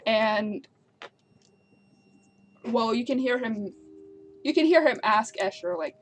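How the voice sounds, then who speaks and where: Slow-talking woman game master. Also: fairly high pitch, expressive, a little hiss or hum. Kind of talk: narrating a tabletop game.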